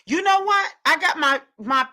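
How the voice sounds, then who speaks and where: Bright, lively woman hosting a livestream. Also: high voice, normal speed. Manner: excitable, laughs often, reads viewer comments aloud. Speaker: livestream host. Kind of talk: casual livestream chat.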